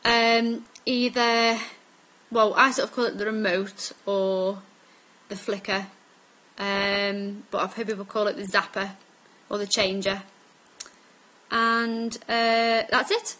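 A woman's voice: medium pitch, flat delivery, bright, forceful tone, poor audio. A woman in her twenties from Staffordshire, with a mixed northern English accent, chatting casually through a word list in an accent tag video with many ums. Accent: northern English mix. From Staffordshire, England. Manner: unhurried, with frequent ums. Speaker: vlogger.

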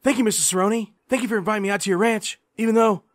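A man's voice: high voice, no echo, studio quality, close to an everyday voice. A man doing a naive polite teenage fighter. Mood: naive earnest. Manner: earnest, polite, slow and innocent. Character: naive polite nineteen-year-old young fighter. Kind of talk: comedy sketch impression.

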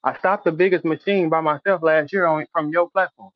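Middle-aged male host, brash trash talker, slightly high voice, dull dry recording. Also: steady tone, fairly quick, dry recording. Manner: brash, repetitive, calling out a rival. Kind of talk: animated trash talk in a casual interview.

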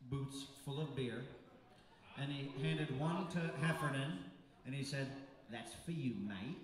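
Man, comic storyteller, profane and rambling, distant mic, long hall reverb, audience around. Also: medium pitch. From United States. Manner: loose, profane, rambling with many fillers. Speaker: comedian telling a story on stage. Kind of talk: live comedic storytelling. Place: large venue with live audience. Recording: echoey hall from far off with crowd.

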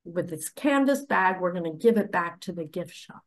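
A woman's voice: lowish voice, animated, moderate pace. A woman quoting a firm, insistent husband. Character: insistent husband, calm adult man.

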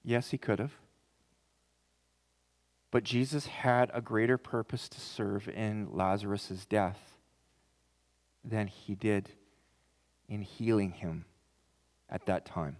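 A man's voice: lowish voice, fairly even intonation, slow, pauses often, darkish tone. A man preaching as pastor, reading scripture aloud and then building to an impassioned close. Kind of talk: sermon. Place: church sanctuary. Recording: reverberant church hall.

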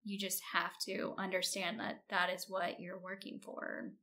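A woman's voice: on the low side, flat delivery, unhurried, pushed and bright. A woman hosting a podcast interview, chatting casually with lots of fillers. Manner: chatty, lots of "like", frequent laughs. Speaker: podcast host.

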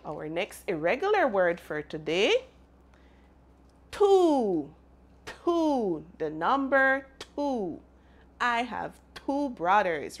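A woman teaches phonics to young children, speaking very slowly and spelling out each sound. Her pitch swoops up and down in a bright sing-song way as she invites the class to repeat after her.

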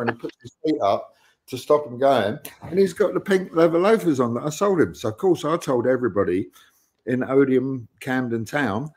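A man's voice: medium pitch, lively intonation, brisk, a little mellow. A man, telling rambling anecdotes as a guest on an online interview show and acting out the lines he quotes. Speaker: guest musician.

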